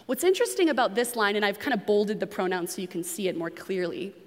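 A woman's voice: medium pitch, lively intonation, quick pace. A woman from New England giving a conversational teaching sermon and putting questions to the congregation. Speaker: preacher. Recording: long reverb of a large room.

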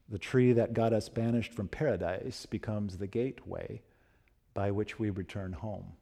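A man delivers a sermon in a lowish, mellow voice and tells a story, acting out the dialogue between its characters. He closes slowly and solemnly, reading a poem and giving a blessing. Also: steady tone, vocal fry. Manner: slow and solemn when quoting poetry and blessing. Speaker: preacher.

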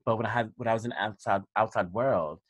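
A man's voice: on the low side, fairly quick, no room sound. A man from Alabama with a light Southern accent, a podcast guest talking in a reflective, casual way with frequent restarts. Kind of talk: casual conversation.

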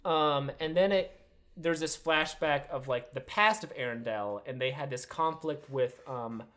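A man's voice: a little high, unhurried, a bit bright. A man in his twenties co-hosting a casual podcast, rambling with lots of "like" and restarts. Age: 20s. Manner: rambling, full of "like" and restarts, bursts into laughter. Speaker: podcast co-host. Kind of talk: casual chat. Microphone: podcast microphone.

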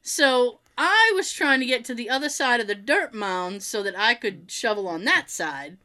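A woman telling a funny story in a casual chat, animated and laughing often. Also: fairly high pitch, moderate pace.

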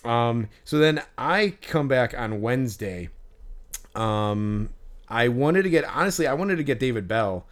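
A man's voice: mid-range voice, expressive, measured pace. A man in his forties co-hosting a podcast in casual chat, easygoing and swearing offhandedly. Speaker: podcast co-host.

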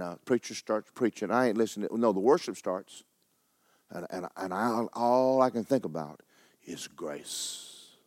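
A middle-aged man preaching a sermon in folksy storytelling, swinging from hushed tones to excited shouting. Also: low-pitched, no echo.

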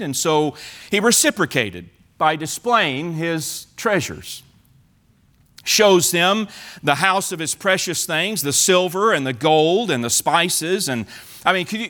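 A high-pitched male pastor preaches a sermon, retelling the story animatedly with lots of repetition and restarts.

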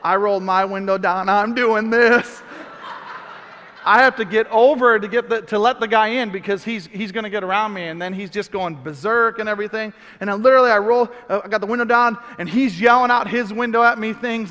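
Middle-aged male pastor, high bright voice, animated storytelling, long hall reverb. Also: moderate pace, slight background noise. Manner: animated storyteller, acts out shouts. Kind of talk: sermon storytelling.

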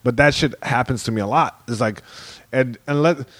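A comedian guest from Long Beach, California, telling a story in casual podcast talk and acting out the voices of the people in it. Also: male voice, mid-range voice, moderate pace. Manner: animated storyteller, acts out quotes, frequent swearing and restarts.

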